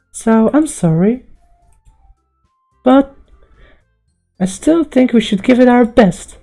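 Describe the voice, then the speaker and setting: A man's voice: high-pitched, warm tone, pitched above the performer's own voice. A man voicing a composed, earnest teenage girl who leads a school club, while reading a game aloud.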